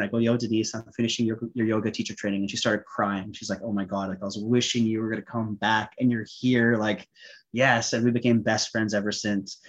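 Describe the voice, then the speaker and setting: A man who is a podcast guest, telling a personal story casually and with animation, laughing often and saying "like" a lot. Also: medium pitch. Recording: slightly dull lo-fi audio.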